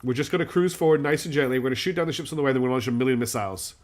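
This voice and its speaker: A man's voice: medium pitch, rapid-fire. Chatty man thinking aloud. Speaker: streamer playing a strategy game. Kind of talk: live game commentary.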